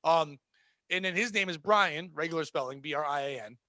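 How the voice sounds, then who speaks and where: A man's voice: fairly high pitch, brisk, sharp tone, no echo. A man co-hosting a podcast in crude, joking casual chat, laughing often. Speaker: podcast co-host.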